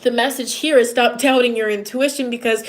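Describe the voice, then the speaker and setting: A woman's voice: a little high, fairly even intonation, a little fast. A woman doing a live tarot reading, playful and goofy, chatting loosely with lots of "you know" fillers. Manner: playful, goofy, with laughs and exclamations. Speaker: tarot reader.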